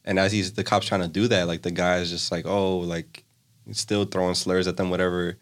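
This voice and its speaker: A man's voice: sits low, flat delivery, moderate pace. A young man casually retelling a story in a loose, rambling way, full of filler words. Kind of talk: casual chat.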